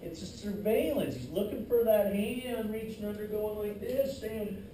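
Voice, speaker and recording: A man teaching an anatomy class in a lively, joking way, teasing his students as he goes. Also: high-pitched, normal speed. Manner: lively, jokey, teases students. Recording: echoey classroom, distant mic, faint hiss.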